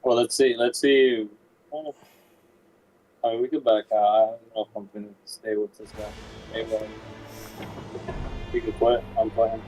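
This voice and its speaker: A man chatting casually while gaming on a stream, relaxed and swearing often. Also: on the low side, unhurried, long pauses, faint music behind, rough recording. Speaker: gamer on a stream.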